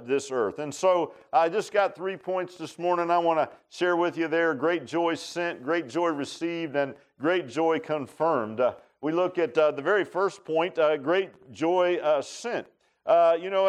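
Conversational male pastor preaching. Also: on the high side. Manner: conversational, with frequent fillers and repeated words. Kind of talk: sermon.

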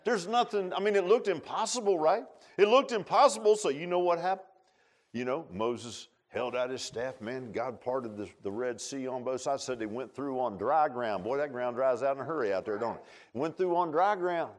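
A man's voice: medium pitch, moderate pace. A man preaching a sermon in a folksy, conversational way, with restarts and asides to the congregation.

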